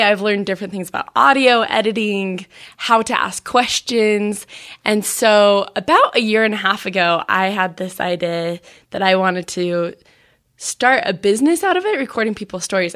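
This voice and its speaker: A woman's voice: mid-range voice, a bit bright. A woman, a podcast host and audio biographer, chatting casually with friends about her work and often saying "like". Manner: chatty, uses fillers like "like", laughs at herself. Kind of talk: casual conversational interview.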